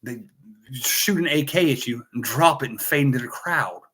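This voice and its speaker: A man's voice: mid-range voice, animated, normal speed, a bit bright, slightly rough. An American man hosting a casual livestream chat, rambling and joking as he greets viewers by name. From United States. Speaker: host.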